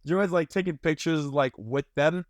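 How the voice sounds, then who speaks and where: A young man telling a story in casual chat as a podcast guest, animated, with lots of fillers and slang. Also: a little high, moderate pace, no room sound, studio quality.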